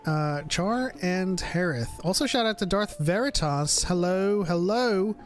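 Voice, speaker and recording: A man's voice: sits high, expressive, a little slow, soft background music. An American man hosting a casual livestream podcast, chatting loosely and greeting viewers. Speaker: podcast host.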